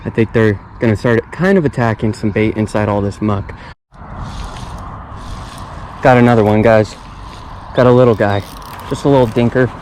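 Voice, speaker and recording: Laid-back and talkative, a young adult fishing vlogger narrates his pond outing on an action camera, often repeating himself. His voice is on the low side and darkish, at a moderate pace with many pauses, on a low-quality recording with some hiss or hum.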